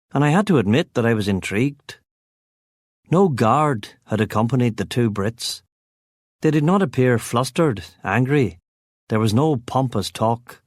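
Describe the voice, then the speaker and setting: A man reading a first-person crime novel aloud in a measured, steady audiobook narration. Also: lowish voice, no echo, studio quality.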